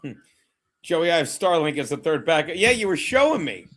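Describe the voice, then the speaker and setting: Brief: brash, profane male streamer, high voice, rambling play calls and chat banter. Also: very animated, brisk, a bit bright. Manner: profane, rambling, mutters while fiddling with browser; brash and mocking. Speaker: streamer hosting a betting watchalong. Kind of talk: live-stream commentary and chat.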